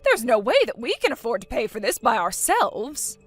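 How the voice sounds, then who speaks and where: A woman voicing a scornful mother-in-law in a text-message story, bossy and demanding, with soft music behind. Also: on the high side, very animated, normal speed, husky, full character voice. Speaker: story character.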